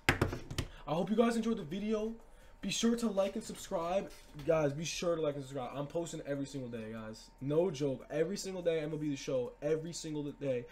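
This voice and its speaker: A young man giving excited, slangy gameplay commentary as a gaming YouTuber, repeating himself often. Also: a little high. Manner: hyped, repetitive, slangy.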